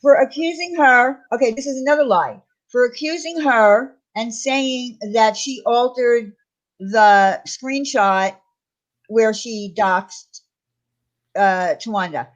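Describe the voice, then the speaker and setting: A woman's voice: fairly high pitch, takes it slowly. A woman hosting a casual live stream, talking defensively and repeating her points for emphasis. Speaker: channel host.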